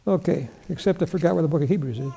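A man's voice: on the high side, racing, gravelly, mellow, slightly rough. An older man preaching a sermon, teaching Bible verses, asking his listeners questions, answering them himself and chuckling as he goes. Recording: long reverb of a large hall.

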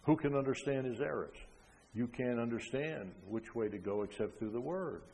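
An older man preaching a sermon, emphatic, with frequent rhetorical questions, rising loud and then dropping soft. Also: medium pitch, normal speed. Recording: long hall reverb.

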